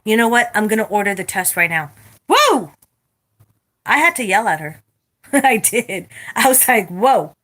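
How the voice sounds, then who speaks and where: A woman telling a story in a casual vlog rant, blunt and profane, animated as she retells it. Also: medium pitch, normal speed. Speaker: vlogger.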